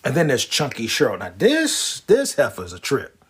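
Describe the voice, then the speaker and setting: A man delivering a wisecracking, animated stand-up comedy monologue. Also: medium pitch, moderate pace, husky. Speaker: comedian and prostate cancer survivor.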